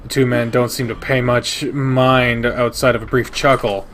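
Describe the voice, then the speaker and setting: A man reading a visual novel aloud in first person, steady and measured. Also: medium pitch, a little hiss or hum. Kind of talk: first-person narration of a game.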